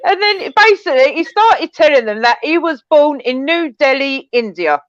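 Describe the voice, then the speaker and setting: A woman's voice: high-pitched, big pitch swings, normal speed, a bit bright, dry recording, highs cut off. A woman co-hosting a podcast in casual chat, laughing often as she tells the story. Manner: giggly, laughs often while telling the story. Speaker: podcast co-host.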